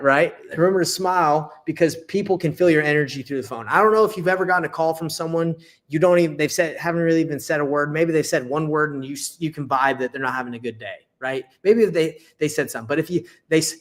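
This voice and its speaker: Brief: young male coach, slightly high voice, conversational, acts out script lines. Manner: conversational, acts out call dialogue, frequent "right?" and restarts. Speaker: real estate wholesaling coach. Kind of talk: casual teaching, reading through a call script.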